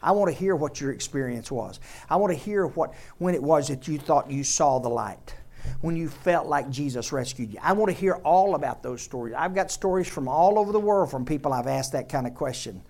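A woman's voice: deep voice, lively intonation, a little fast, a little mellow. A woman preaching a sermon to her congregation, emphatic and repeating phrases for effect.

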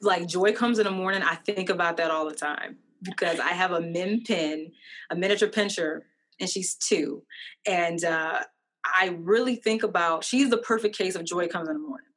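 A woman's voice: fairly low pitch, moderate pace, a bit bright. A woman in casual chat, speaking earnestly and reflectively about faith, joy and hope.

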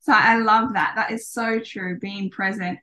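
Bright-sounding woman in her 30s, podcast guest, lots of ums and restarts. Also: medium pitch, fairly even intonation, unhurried. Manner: rambling, many ums and restarts. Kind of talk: casual podcast conversation.

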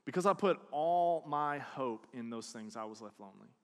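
A man preaching a sermon, telling a personal story and acting out quoted voices, swinging from hushed to loud. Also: medium pitch, lively intonation, normal speed. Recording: long hall reverb.

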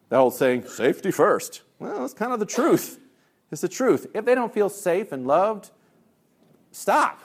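A male discipline trainer giving a lively workshop talk, telling stories, acting out voices and laughing at his own jokes. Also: fairly high pitch. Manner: lively storyteller who acts out voices.

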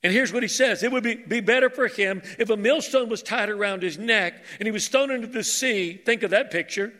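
A male pastor, preaching in a high, bright voice. He is lively and joking, drawing in his congregation. The long reverb of a large church hall trails after every phrase. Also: brisk. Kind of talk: sermon.

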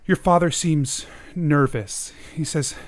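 A man with a slightly high voice runs a tabletop game as game master. He narrates in a casual way with many fillers. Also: takes it slowly.

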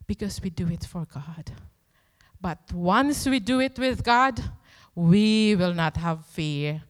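A woman's voice: fairly low pitch, lively intonation, takes it slowly, in a large hall. A woman preaching a sermon in a church, earnest and emphatic, often posing rhetorical questions.

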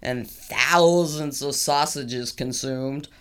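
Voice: mid-range voice, slow pace, clear, resonant tone. A podcast co-host chatting casually, joking around and tossing in "y'all" and "baby". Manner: relaxed, jokey, uses "y'all" and "baby".

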